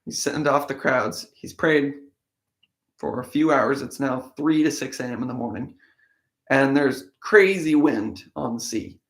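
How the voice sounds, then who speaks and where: A man with a slightly hoarse voice from a cold, reading a Bible passage and thinking aloud about it in a casual, conversational way. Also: mid-range voice, unhurried, fairly bright tone. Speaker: host of a daily Bible reading show. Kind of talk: casual scripture reading with commentary. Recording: echoey room.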